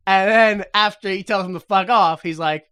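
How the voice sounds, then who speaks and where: Podcast co-host, male, bright edgy voice; loose comedic recap with lots of voices and laughter. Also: sits high, clean tone. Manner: acts out characters in quick voices, laughs often, swears.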